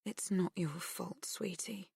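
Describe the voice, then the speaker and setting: A woman voicing a gentle mother who comforts her daughter in a soft, half-whispered voice, in an audiobook reading. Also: fairly low pitch, slow, gravelly, slightly rough, no room sound, clean studio sound, heavily acted. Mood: comforting.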